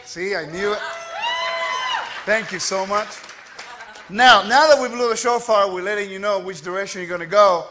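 A man giving a quick, scattered and playful teaching to a congregation, joking with the listeners as he goes. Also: high-pitched, crowd noise, background noise. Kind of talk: lively spoken teaching.

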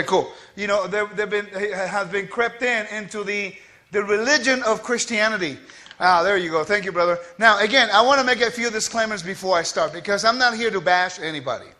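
A man giving a quick, scattered and playful teaching to a congregation, joking with the listeners as he goes. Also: high voice, bright, forceful tone. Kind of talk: lively spoken teaching.

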